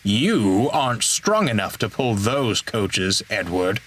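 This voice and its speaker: A man's voice: lowish voice, big pitch swings, takes it slowly, fairly bright tone, slight background noise, exaggerated voice. A man voicing a pompous, proud big male express engine for a storybook, talking in a haughty, grumbling way. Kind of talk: storybook voice acting.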